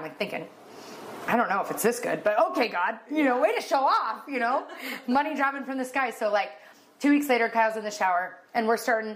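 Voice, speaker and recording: A woman in her thirties tells a story on a podcast, animated and close to tears. She acts out other people's lines by lifting her voice, and her pitch sits in the middle range. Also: a little hiss or hum. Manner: animated, acts out dialogue in a raised voice. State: emotional, near tears. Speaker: podcast co-host. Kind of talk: casual storytelling chat.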